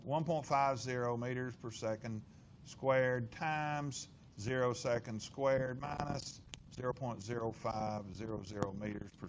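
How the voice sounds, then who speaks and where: A middle-aged man teaching physics in a classroom, working problems aloud with lively inflection and constant questions to the class. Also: medium pitch, background noise. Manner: animated, lots of rhetorical questions and inflection.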